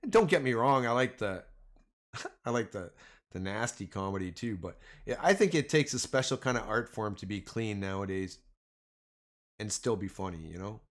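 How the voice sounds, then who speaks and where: Lively low-voiced Canadian man. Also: normal speed. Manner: slangy, animated, addresses chat as man and boys. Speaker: stock trading livestreamer. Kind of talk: casual live market commentary.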